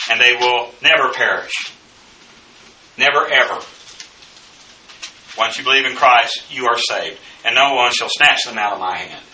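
A man teaching the Bible verse by verse, in a slow, deliberate lecturing manner with frequent fillers. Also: mid-range voice, bright, forceful tone, a little hiss or hum. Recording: echoey room, mic at a distance.

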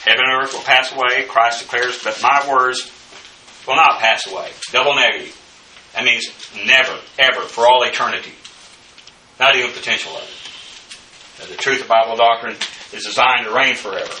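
Bright-voiced male Bible teacher, roomy distant sound. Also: medium pitch, a little hiss or hum. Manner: slow, deliberate lecturing with frequent fillers. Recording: echoey room, mic at a distance.

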